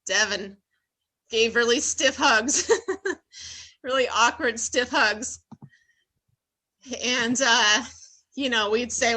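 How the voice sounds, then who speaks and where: A middle-aged woman hosting an online support meeting on a video call, halting and tearful, telling a personal story. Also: a little high, pushed and bright. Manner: laughing, teary, halting, repeats herself. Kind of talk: emotional welcome and personal story.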